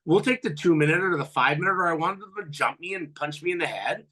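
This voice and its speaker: A man in his fifties, a former pro hockey player, telling profane locker-room stories as a podcast guest and loudly acting out what people said. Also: on the high side, quick pace. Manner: animated, profane, acts out quotes loudly. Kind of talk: storytelling in a podcast interview.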